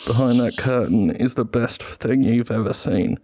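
A man doing an impression of a famous older English actor, speaking confidently and reassuringly in a lowered voice. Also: moderate pace, dark tone, a little hiss or hum, close to an everyday voice.

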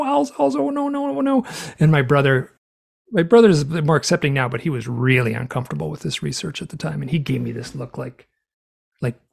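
Gravelly, earnest male storyteller. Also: medium pitch. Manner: earnest, animated storyteller who acts out quotes. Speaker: author and guest. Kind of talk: storytelling interview talk.

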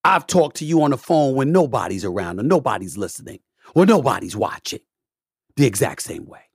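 A man's voice: big pitch swings, brisk, creaky, husky, dry recording. Middle-aged male host, emphatic profane rant, dry close mic, preacher-like cadence. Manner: emphatic, swings between low mutters and loud rants. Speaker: podcast host. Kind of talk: opinionated monologue.

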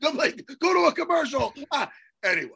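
A man co-hosting a podcast over a video call, talking animatedly and teasing, with loud bursts now and then. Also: very high-pitched, sing-song, fairly quick, creaky. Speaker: podcast co-host. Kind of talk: casual chat.

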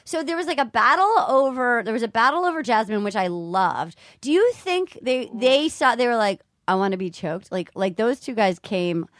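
A woman hosting a podcast, gossiping in a rambling, animated way with many restarts. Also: fairly high pitch, normal speed, hardly any pauses, no room sound, clean studio sound. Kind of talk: casual chat.

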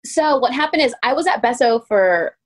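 A woman in her thirties, a pastry chef guest telling stories in a casual interview, acting out quoted voices with sudden pitch jumps. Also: moderate pace. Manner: animated, acts out quotes with lively pitch jumps. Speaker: guest, pastry chef turned ice cream maker.

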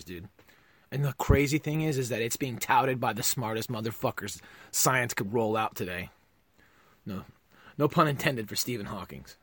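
On his podcast, a man launches into a profane comedic rant, lurching between loud outbursts and low mutters. The recording has no echo.

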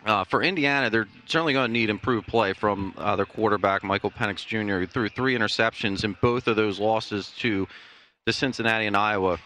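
Bright-voiced man giving betting odds. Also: on the low side. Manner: measured, informative. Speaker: sportsbook director, guest. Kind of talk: sports betting talk.

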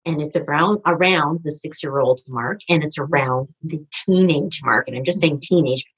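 A woman's voice: low-pitched, moderate pace, husky, muffled recording. A woman speaking as a podcast guest in a rambling, conversational way, often restarting her sentences. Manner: rambling, with many restarts and fillers. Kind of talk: conversational interview.

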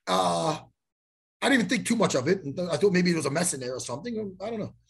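A man hosting a podcast, telling a story in a profane, animated way and acting out the lines of the people in it. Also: high voice, fast, creaky, husky. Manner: profane, animated storyteller who acts out quotes. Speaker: podcast host. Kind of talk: casual storytelling chat.

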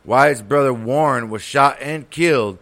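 A man's voice: medium pitch, unhurried, fairly bright tone. A man co-hosting a history podcast, rambling and swearing as he acts out imagined scenes. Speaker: podcast co-host. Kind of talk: casual history podcast banter.

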